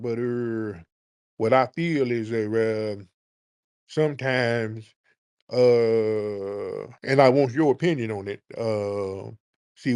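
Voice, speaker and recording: A man mocking a rambling radio caller who trails off into hesitant, filler-heavy, slow mumbling. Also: mid-range voice, darkish tone, smooth, no room sound.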